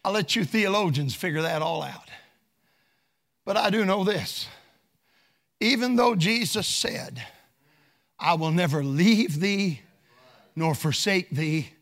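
Man, preacher, sermon, slow and deliberate, animated pitch, emphatic.

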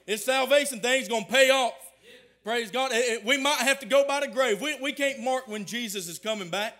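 High, bright-voiced preacher man. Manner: builds to loud shouted emphasis, halting repetitions. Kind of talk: sermon.

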